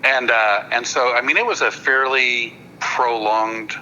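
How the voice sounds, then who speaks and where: Bright-voiced man telling a story. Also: mid-range voice, dull audio, slight background noise. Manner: halting, repeats words while building a story; apologetic, checks in with listeners. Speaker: podcast guest, hypnotist comedian. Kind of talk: casual anecdote-telling on a podcast.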